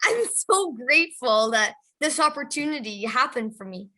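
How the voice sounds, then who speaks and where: A young woman with a bright, high voice answers interview questions. She gushes with enthusiasm and giggles often. She keeps the easy tone of a press junket chat. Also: very animated, normal speed, slight background noise. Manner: bubbly and giggly, gushing with enthusiasm. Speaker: actress interviewee.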